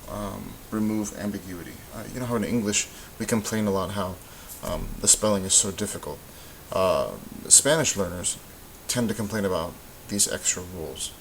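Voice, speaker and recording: A man teaching a recorded Spanish grammar lesson, explaining in a relaxed way with lots of ums and uhs. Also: lowish voice, low-quality recording. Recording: faint hiss.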